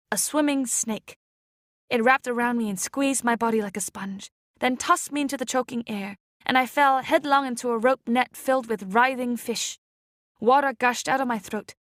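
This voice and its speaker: A woman reading an audiobook chapter aloud in a measured, expressive way. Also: on the high side, dry recording, studio quality. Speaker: audiobook reader. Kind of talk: scripted narration.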